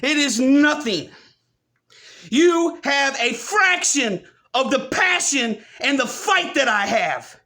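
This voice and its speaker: A man delivering a furious, profane rant, often breaking into shouts. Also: very high-pitched, big pitch swings, slow, few pauses. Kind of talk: angry rant.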